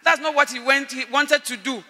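A male preacher delivering a sermon in a large hall. His voice sits very high and rings bright and piercing. He preaches with emphasis, rising to shouts and calling for Amen, while long reverb trails each phrase. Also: steady tone, normal speed.

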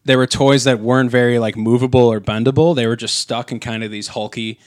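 A man's voice: mid-range voice, steady tone, brisk, no room sound. Guy rambling about stuff on a podcast, lots of um and like, dry close mic. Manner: rambling, many fillers and restarts. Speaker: podcast co-host. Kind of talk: casual chat.

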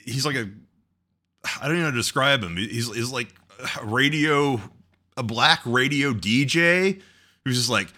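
A man's voice: medium pitch, lively intonation, normal speed, sharp tone. A man co-hosting a podcast in casual, rambling chat, often breaking into laughs. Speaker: podcast co-host.

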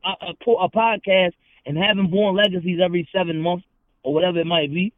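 A man's voice: high-pitched, fairly even intonation, fast, no echo. A man talking as a podcast guest, heated and confrontational, full of slang and repeating himself. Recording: tinny phone-like sound.

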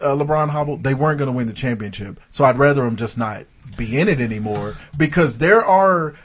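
A man's voice: medium pitch, expressive, fairly quick. A young man co-hosting a casual podcast, laid-back and teasing, talking sports. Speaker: podcast co-host.

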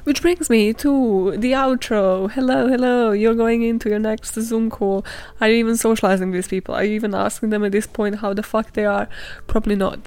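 A woman's voice: fairly high pitch, steady tone, a little fast, darkish tone, no echo. A woman hosting a solo podcast, ranting bluntly in a rambling, sweary, casual way. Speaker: podcast host.

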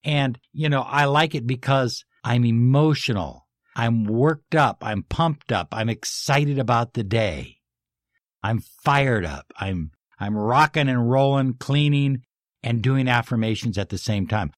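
A man speaking as a life coach in a motivational talk, leading affirmations and shifting from emphatic, pumped-up lines to soft, slow ones. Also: mid-range voice, dry recording, clean studio sound.

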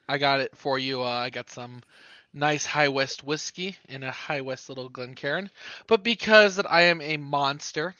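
A man jokes playfully as a podcast guest. His voice is bright and pointed, fairly high, coming through dull, lo-fi remote audio that sounds dry. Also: no echo. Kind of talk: casual podcast chat.

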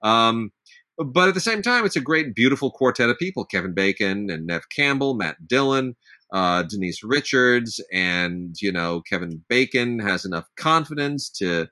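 A man's voice: medium pitch, very animated, normal speed, pushed and bright. A middle-aged man co-hosting a casual film discussion, talking in an enthusiastic, knowledgeable way and dropping names. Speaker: podcast co-host.

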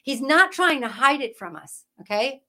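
A woman's voice: high voice, very animated, moderate pace, bright, forceful tone. A woman hosting a Christian podcast, giving impassioned commentary with emphatic, preachy delivery and a string of rhetorical questions. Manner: parent. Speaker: podcast host.

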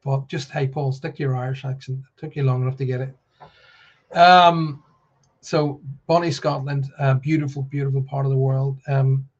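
A man's voice: medium pitch, a little mellow, dull audio. A man hosting a live stream who chats in a rambling way, does card readings and greets viewers one by one by name. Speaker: livestream host and card reader. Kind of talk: casual live-stream chat.

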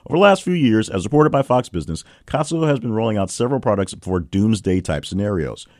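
Male host, low voice with big pitch swings, wry casual news read, dry close mic. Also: quick pace, dry recording. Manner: reads headlines with wry asides and lively swings in pitch. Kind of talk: casual news roundup reading.

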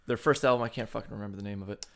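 A man co-hosts a podcast in an easygoing way. He cracks jokes, asks quick questions and answers in short bursts. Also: on the low side, gravelly. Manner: relaxed, joking, short replies. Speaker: podcast co-host. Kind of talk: casual podcast chat.

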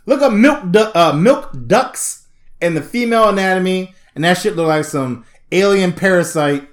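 A man co-hosting a podcast, telling stories in a slangy, animated way and laughing often during casual comedic chat. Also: high-pitched, normal speed. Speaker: podcast co-host.

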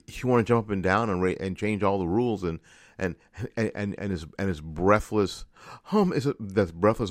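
A man's voice: lowish voice, normal speed, no echo. A man hosting a political commentary show, ranting in an angry, frustrated monologue with lots of repetition. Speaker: radio host.

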